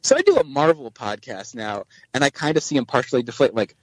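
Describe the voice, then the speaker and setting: Speaking quickly in a mid-range voice, a man guesting on a podcast relates a drawn-out anecdote and animates it by voicing the dialogue himself. The recording has no echo but sounds rough.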